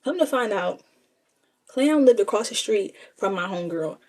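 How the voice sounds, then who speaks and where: A woman's voice: medium pitch, animated, normal speed, darkish tone. A young woman telling a casual, sassy story and talking straight to her listeners as y'all. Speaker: storyteller vlogger.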